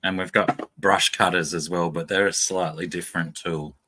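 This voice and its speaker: A man's voice: sits low, fairly even intonation, moderate pace, background noise. A man joining a livestream chat, casual with a dry, wry sense of humor.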